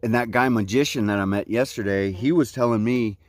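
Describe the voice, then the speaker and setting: A thru-hiker vlogger in his forties from Central Florida talks casually on a hiking trail outdoors in a fairly low, brisk voice. His laid-back surfer speech is full of "like, you know, man," and the sound is clean studio quality with no room sound.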